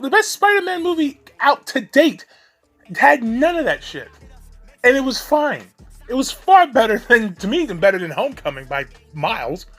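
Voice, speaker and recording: A high-pitched man tears into his subject in a rambling, exasperated rant, swearing freely and laughing between points. Faint music plays underneath his talk. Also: a bit bright. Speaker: video commentator. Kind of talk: ranting commentary.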